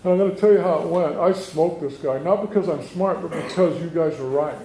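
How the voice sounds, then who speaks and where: A man's voice: a little high, a little fast, warm tone. A middle-aged man, a state assemblyman, giving a folksy town hall speech full of rhetorical questions to residents. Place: community meeting room. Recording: echoey room, faint background noise.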